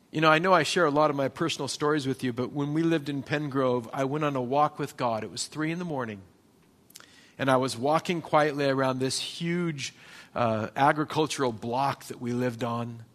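A man's voice: mid-range voice, fairly bright tone. A man preaching a sermon as a pastor, telling personal stories and asking the congregation questions.

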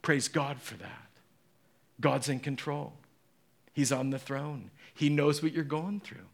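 A pastor in middle age delivers a sermon, retelling scenes with theatrical flair. He slips into the voices of the people in his story and then returns to plain preaching. His voice sits a little high for a man. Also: takes it slowly. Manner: dramatic storytelling, acting out voices in quotes.

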